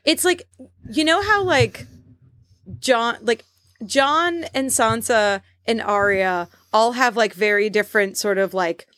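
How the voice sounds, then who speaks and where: A young woman co-hosting a podcast in casual chat, animated, swearing freely and laughing often. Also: fairly high pitch, slow, no room sound, clean studio sound. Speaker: podcast co-host.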